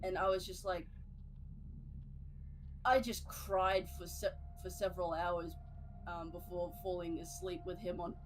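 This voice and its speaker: A woman's voice: on the low side, fairly even intonation, a little slow, long pauses, a little hiss or hum, rough recording. A woman guest chatting casually, hesitant and stammering through her story. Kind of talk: casual stream chat.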